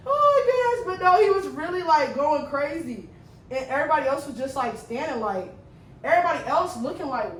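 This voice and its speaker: A woman in her twenties telling a slangy, animated story while she cooks in her kitchen. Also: sits high, fairly quick, slight background noise. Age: 20s. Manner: animated, slangy, swings loud when retelling. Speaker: vlogger. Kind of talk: storytime vlog while cooking. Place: home kitchen. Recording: echoey room, mic at a distance.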